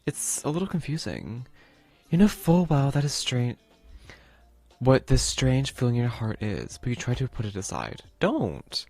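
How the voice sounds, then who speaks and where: A man's voice: medium pitch, big pitch swings, a little slow, a little mellow, no room sound. A male game streamer talks in a rambling, playful way, full of filler words, and reads on-screen game text aloud in an average voice. The mic is close, the room sounds dry, and faint game music plays underneath. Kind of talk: casual play-through commentary, reading game text aloud.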